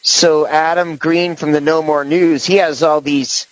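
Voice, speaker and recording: Rambling man with a raised pitch. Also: level tone, measured pace, low-quality recording. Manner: rambling with many restarts and fillers. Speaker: podcast host. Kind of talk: casual political chat.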